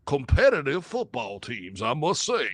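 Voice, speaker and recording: A man's voice: medium pitch, huge pitch swings, a little slow, dry recording. A man voicing a pompous, genteel Southern football booster with a put-on Mississippi accent and a courtly, drawling manner. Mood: grandly defensive.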